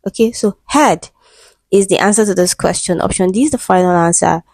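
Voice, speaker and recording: A woman's voice: mid-range voice, brisk, darkish tone, no room sound. A woman, an English exam tutor, working through answers step by step and often checking in with "right?". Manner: methodical, checks in with "right?" and "okay".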